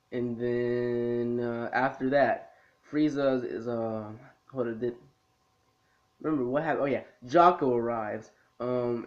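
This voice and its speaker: A man's voice: medium pitch, a little mellow. A man casually recapping a cartoon episode for his video review, rambling with lots of ums and restarts. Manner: rambling, full of ums and restarts, laid-back. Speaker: anime review vlogger. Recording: slightly muffled lo-fi recording.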